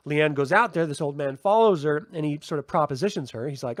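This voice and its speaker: A man's voice: a little high, fast talker, hardly any pauses, no echo, studio quality. A man hosting a casual solo TV review, chatty and rambling, with fillers and restarts. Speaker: TV review host.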